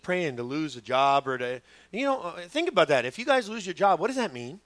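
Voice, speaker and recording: A middle-aged man preaching a sermon as pastor, telling stories with lively quoted voices. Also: on the high side, quick pace, dry recording. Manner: animated storytelling, acting out quoted voices.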